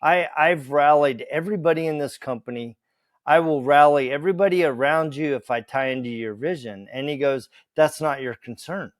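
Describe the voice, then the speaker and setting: A man telling a story as a podcast guest, animated, acting out the dialogue and laughing along the way. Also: fairly high pitch, normal speed, no room sound, clean studio sound. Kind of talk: casual storytelling.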